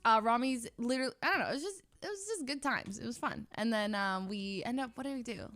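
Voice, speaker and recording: A woman's voice: a little high, lively intonation, fast talker, fairly bright tone, no room sound. A young woman streamer chatting casually as she tells a story, rambling with lots of restarts and laughing often. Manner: rambling, heavy use of "like" and restarts, frequent laughter.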